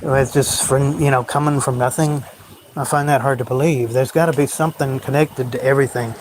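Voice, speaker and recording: A man's voice: mid-range voice, steady tone, fairly quick, noisy background. A man hosting a solo livestream, rambling in a brooding, bitter way about life. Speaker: livestream host.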